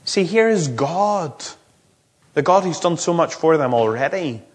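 Male preacher, moderately high voice, expository sermon with emphatic rises. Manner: expository, with emphatic rising peaks and restarts.

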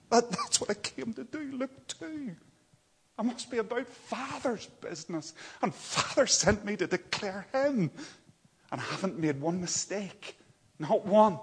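A man preaching a sermon, dropping to hushed whispers and rising to loud, emphatic cries. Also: mid-range voice, breathy edge.

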